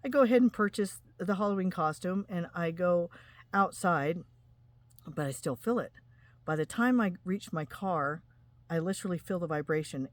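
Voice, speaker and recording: A woman in her forties from Utah, telling an emotional personal testimony to camera in an earnest, halting way. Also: low voice, a little mellow. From Utah, USA. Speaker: spiritual vlogger.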